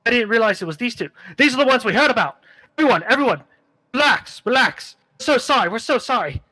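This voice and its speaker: A man voicing a nervous, skinny teenage male bandit who talks in a high, hurried, apologetic way. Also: expressive, pushed and bright, no room sound, full character voice.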